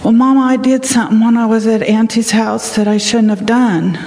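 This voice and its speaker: A woman's voice: on the high side, fairly even intonation, a little fast, a little mellow, lightly acted. A woman voicing a frightened thirteen-year-old boy who pleads and confesses, in an echoey hall. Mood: earnest. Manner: pleading, tearful.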